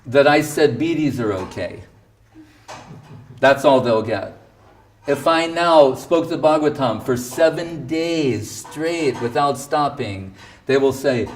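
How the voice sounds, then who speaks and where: Recorded from a distance, a man with a voice on the high side delivers a spiritual talk as a storyteller. He speaks conversationally, asking rhetorical questions and acting out quoted speech.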